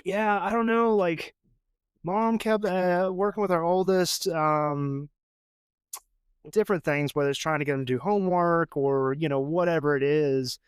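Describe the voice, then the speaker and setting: A man's voice: fairly high pitch, steady tone, a little slow, clear, resonant tone, no room sound, clean studio sound. A man talking casually as a podcast guest, rambling and chatty, with lots of fillers and acted-out quotes. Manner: rambling and chatty, full of fillers, acts out what others said. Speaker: podcast guest, father and jewelry designer. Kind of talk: casual conversation.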